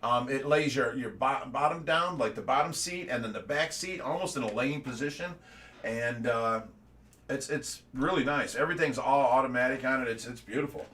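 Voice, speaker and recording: A man's voice: mid-range voice, moderate pace, a bit bright. A middle-aged man from the United States giving a casual livestream update, rambling and repeating words, with laughs between his stories. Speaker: fish rescue owner giving an update.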